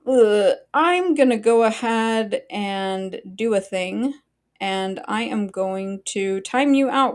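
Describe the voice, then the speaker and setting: A woman's voice: mid-range voice, a little mellow. A woman hosting a live stream, chatting casually and bluntly with her viewers, swearing freely and wandering off into asides. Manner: blunt and profane, talks straight to chat; chatty asides and frequent fillers. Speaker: livestream host.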